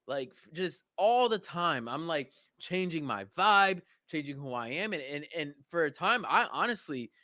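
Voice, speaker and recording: A young man from Honduras co-hosting a podcast, talking in a casual, animated way with lots of swearing and restarts. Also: a little high, moderate pace, hardly any pauses, no echo, studio quality. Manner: animated, swearing, repeats himself. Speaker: podcast co-host. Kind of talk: casual chat.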